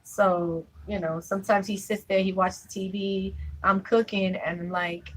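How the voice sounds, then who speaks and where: A woman's voice: mid-range voice, steady tone, measured pace, low-quality recording. A young adult woman chatting casually with viewers on a live stream, full of fillers and asides. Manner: chatty, fillers like "you know what I'm saying".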